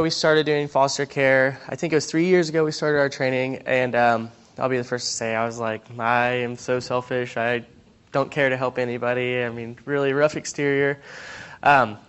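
A man giving a personal testimony in church, nervous and halting, with many fillers. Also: mid-range voice, a bit bright, smooth.

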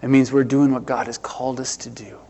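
A middle-aged man, preaching a sermon earnestly, with swells and hushed drops. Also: mid-range voice, level tone, fairly quick. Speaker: pastor.

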